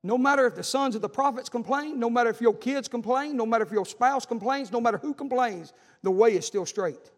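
A man's voice: extremely high pitch, fairly quick, hardly any pauses. A man preaching a fiery sermon, repeating lines with emphasis. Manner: Southern preacher cadence, repetitive and emphatic, acting out quoted voices. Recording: echoing hall.

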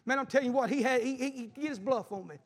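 Middle-aged male pastor, high-pitched, fervent, preaching in a reverberant church. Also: rapid-fire. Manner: fervent, builds to shouting. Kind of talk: sermon. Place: church sanctuary. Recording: long hall reverb.

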